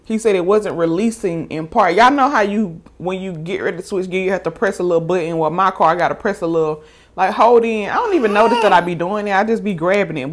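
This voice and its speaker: Chatty woman telling a storytime. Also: medium pitch. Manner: chatty and animated, quoting others in raised voice. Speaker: mukbang vlogger. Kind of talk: casual storytime to viewers.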